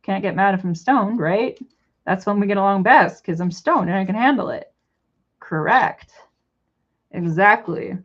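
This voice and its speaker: A woman's voice: medium pitch, measured pace, pauses often, slightly rough. Stoned woman vlogger, rambling casual talk, raised sing-song scolding for her pets, dull lo-fi audio.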